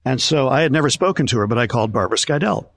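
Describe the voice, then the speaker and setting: Animated older man telling war stories. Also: mid-range voice, racing. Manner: animated storyteller acting out quoted voices. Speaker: concert promoter. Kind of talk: storytelling in an interview.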